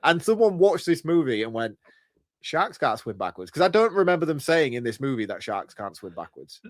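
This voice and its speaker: A man's voice: on the high side, sing-song, a little fast, dry recording, clean studio sound. A man co-hosting a podcast, chatting casually about a film in a rambling, questioning way. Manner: rambling, questioning, laughs along. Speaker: podcast co-host. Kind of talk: casual film review chat.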